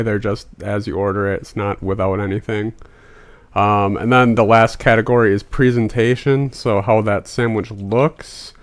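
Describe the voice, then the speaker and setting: A man co-hosting a casual food tasting chat, explaining things with hesitant fillers. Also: fairly low pitch. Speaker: co-host.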